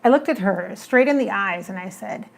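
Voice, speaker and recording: A woman's voice: mid-range voice, normal speed, creaky. A woman who works as a psychic medium, telling a story on a casual livestream and acting out her own remarks. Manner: animated, acts out her own remarks in the retelling.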